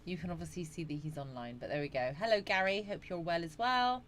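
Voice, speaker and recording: A woman's voice: on the low side, fairly quick, a bit bright, a little hiss or hum. A middle-aged woman hosting a casual live chat stream from home, greeting viewers by name and reading their comments out. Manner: chatty, greets viewers by name, frequent yawns and laughs. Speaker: livestream host.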